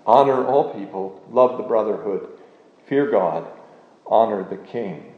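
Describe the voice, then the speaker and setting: A man giving a measured, deliberate doctrinal lesson, pausing on fillers as he teaches. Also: lowish voice, lively intonation. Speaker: teacher of a confession. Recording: roomy, dull lo-fi recording.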